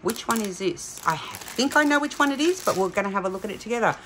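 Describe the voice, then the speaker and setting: A woman's voice: mid-range voice, expressive, quick pace, a bit bright, slight background noise. A woman hosting a casual unboxing vlog, chatting directly to her viewers as she shows off a craft kit. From Australia. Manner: chatty, talks straight to viewers. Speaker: diamond painting channel host.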